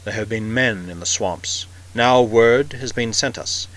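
A man reading the part of an old male alien tribal elder, speaking slowly in a heavy, distant voice. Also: lowish voice, a bit bright. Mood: sorrowful.

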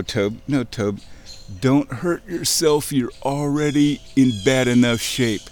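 Man, unhurried excited nature vlogger, outdoor camera mic, birdsong in the background. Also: mid-range voice, slight background noise. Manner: excited, chatty, self-talking. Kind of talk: casual outdoor narration. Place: outdoors by a wooded creek.

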